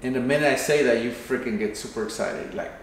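A man with a mid-range, gravelly voice talks fast with lively intonation in a very echoey room with faint noise. As a channel host, he casually talks through a plan for a video and acts out lines.

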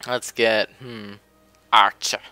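A man's voice: lowish voice, little pitch movement, slow pace, pushed and bright, faint music behind. A young man giving casual, chatty commentary while playing a game, often grumbling offhandedly. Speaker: gameplay commentator. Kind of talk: casual let's play commentary. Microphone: desk mic.

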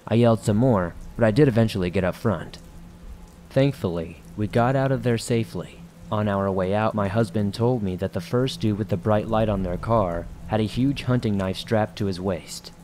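A man's voice: on the low side, moderate pace, darkish tone, a little hiss or hum. A man hosting a horror story podcast, reading viewer stories in a casual, conversational scripted narration.

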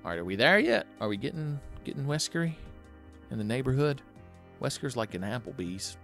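A man giving casual, profane, joking commentary over his own gameplay, rambling and breaking into loud exclamations. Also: medium pitch, animated, fairly quick. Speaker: let's play commentator. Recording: game music behind the voice.

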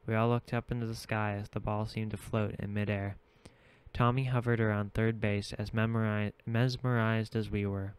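A man reads a novel aloud in steady, measured narration. His voice is low and smooth, with a fairly flat line, recorded dry and close. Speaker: audiobook reader. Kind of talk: audiobook narration.

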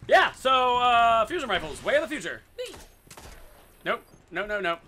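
A man giving goofy, excitable commentary over his own gameplay, swearing in silly made-up phrases. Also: extremely high pitch, moderate pace, a little hiss or hum.

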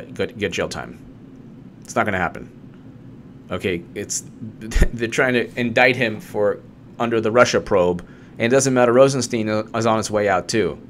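A political commentator with a lowish, fairly bright voice goes on an improvised, sarcastic rant. He circles back to the same points and ridicules opponents in put-on voices, with a little background noise audible.

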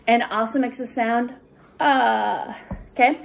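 A woman tutoring young readers, explaining reading rules patiently with many pauses and fillers. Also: on the high side, vocal fry, a bit bright. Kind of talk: recorded lesson for students.

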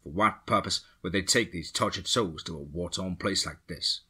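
A man's voice: low-pitched, normal speed, sharp tone, breathy edge, full character voice. A man voicing a grave male soldier asking a pointed question.

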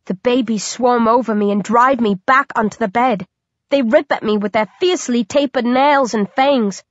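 A woman giving a dramatic, expressive first-person reading of a horror audiobook. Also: on the high side, no room sound. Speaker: audiobook narrator. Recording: dull lo-fi dry recording.

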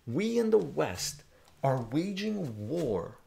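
A man's voice: fairly high pitch, sing-song, slow, gravelly, dark tone. A man in his forties giving heated, profane political commentary on a live stream and reading chat aloud.

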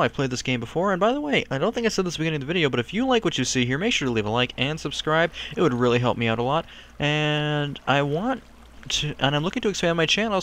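A man chatting casually as he plays and comments on a video game, rambling and self-mocking, with sudden excited yelps. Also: mid-range voice. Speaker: gaming YouTuber.

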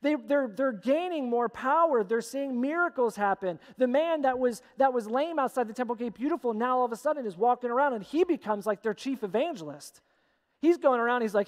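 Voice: medium pitch, lively intonation, moderate pace. A pastor preaching a sermon with emphatic, repeated phrases, recorded in a church sanctuary. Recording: long church hall reverb.

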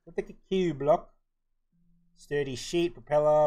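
A man doing a put-on while he plays a game on a live stream. He mutters to himself as he hunts for items and crafts. His voice sits a little high for a man. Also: expressive, slow, long pauses, a little mellow. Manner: putting on a mock accent. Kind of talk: live gameplay commentary.

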